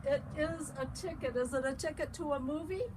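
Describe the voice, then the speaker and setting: A woman's voice: high-pitched, brisk, distant mic, pitched above the performer's own voice, close to an everyday voice. A woman voicing a fretful mother in a storybook who fusses and exclaims over her daughter. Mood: fussing. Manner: exclaiming, fussing. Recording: loud background noise.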